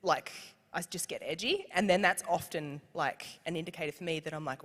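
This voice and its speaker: Brief: casual panelist, mid pitch, chatty and reflective, echoey hall. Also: fairly quick, a bit bright. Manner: casual, lots of "like" fillers. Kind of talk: panel discussion.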